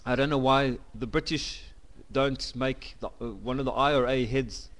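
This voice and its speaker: A South African vlogger gives a halting, blunt, and opinionated monologue straight to a home camcorder. His medium-pitched voice is fairly bright, with fairly even intonation.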